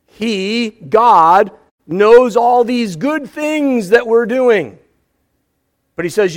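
A man preaching a sermon as pastor, lively and dramatic, acting out scripture passages as he teaches. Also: extremely high pitch, drawn-out words. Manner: animated, acts out scripture with exclamations.

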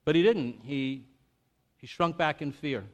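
This pastor's voice is fairly high and unhurried as he tells lively stories in a conversational sermon, performing quotes and questioning the congregation.

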